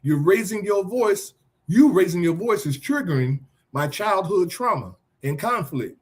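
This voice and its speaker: A man's voice: high voice, lively intonation, a little slow. A man reading a defensive husband. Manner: reads the lines plainly, scripted. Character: defensive husband hiding behind therapy talk.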